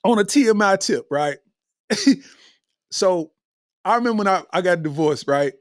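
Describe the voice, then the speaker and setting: A man's voice: fairly high pitch, no echo, studio quality. A middle-aged man hosting a comedy podcast, telling stories in a loose, slangy way and breaking into laughter between lines.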